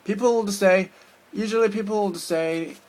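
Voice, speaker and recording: A man's voice: high voice, moderate pace, darkish tone. A man from Korea, a native Korean speaker with a Korean accent, vlogging his opinions in an earnest, casual way and often stopping to search for words.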